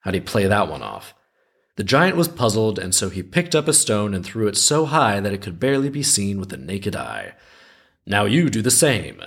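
A man's voice: lowish voice, sing-song, a little fast, fairly bright tone, breathy edge. A man hosting a storytelling show, reading a folk tale aloud and breaking off for wry, skeptical, rambling asides. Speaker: podcast host reading folk tales. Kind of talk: storytelling with casual commentary.

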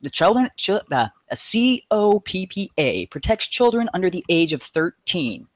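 A man calling in to a live show, talking fast and emphatically with frustration and profanity. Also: high voice, very animated, no echo. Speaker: caller. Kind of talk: heated call-in rant.

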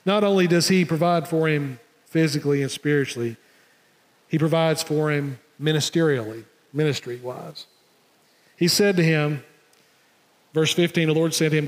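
A male pastor preaching with a high, ringing voice and an emphatic delivery that swells and drops. His words carry a long reverb tail, as if spoken in a large church hall. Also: moderate pace. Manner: emphatic preaching, voices God and Elijah in quotes. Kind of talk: sermon.

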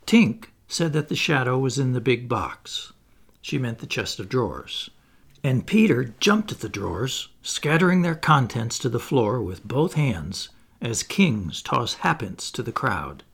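A man narrating a children's storybook aloud in an expressive, playful way with asides to the listener. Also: mid-range voice, measured pace, creaky, slightly rough. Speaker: audiobook reader.

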